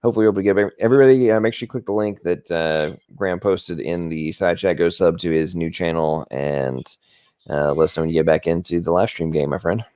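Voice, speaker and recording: A man with a low, brisk voice and a darkish tone, recorded in clean studio sound with no room echo. He has an American accent but grew up in England, and he's hosting a live stream, telling a rambling story in casual chat and often ending lines with "right?".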